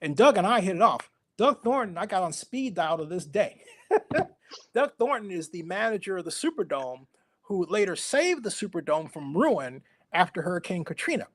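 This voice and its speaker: Middle aged guy telling stories on an interview, pretty high voice, animated, does everybody's voices. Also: moderate pace. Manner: animated storyteller, acting out quoted voices. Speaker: guest. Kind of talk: storytelling interview.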